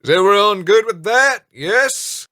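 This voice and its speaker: A loud, jovial ship captain with a lifted voice, rambling and hesitating as he gives orders, put on by a man narrating a tabletop game. He speaks up above his usual level and the sound is dry and close. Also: medium pitch, expressive, unhurried, no room sound. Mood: boisterous. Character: boisterous older male ship captain.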